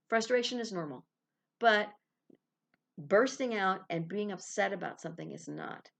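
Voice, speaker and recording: A woman's voice: mid-range voice, animated, normal speed, gravelly, long pauses, fairly bright tone. A woman hosting a spiritual self-help podcast, talking casually and with animation, laughing and acting out small quoted exchanges. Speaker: podcast host.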